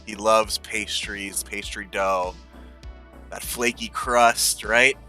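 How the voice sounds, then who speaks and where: Laid-back bright-voiced male player. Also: fairly low pitch, steady tone, slow pace, faint music behind. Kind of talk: casual tabletop play.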